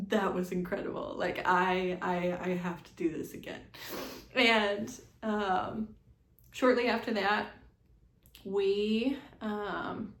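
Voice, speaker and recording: Chatty young woman, echoey room. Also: mid-range voice. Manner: chatty and animated, many "like"s, quick asides and laughs. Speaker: vlogger telling her birth story. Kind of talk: casual storytelling to camera.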